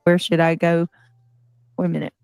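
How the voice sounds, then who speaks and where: A woman's voice: on the low side, level tone, moderate pace, vocal fry, darkish tone, clean tone, dry recording, clean studio sound, soft background music. A woman hosting a casual panel livestream, laughing often as she reads viewer comments aloud. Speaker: livestream host.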